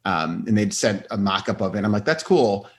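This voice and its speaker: A man's voice: lowish voice, moderate pace. A middle-aged man, a doctor and podcast guest, telling stories in casual chat and acting out what people said. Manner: animated storyteller, acts out quotes with laughs.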